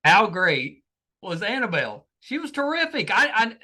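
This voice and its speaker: A man's voice: sits high, very animated, a little slow, pushed and bright. A man hosting a podcast, talking through a casual outro in a rambling, self-correcting, chatty way. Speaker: podcast host.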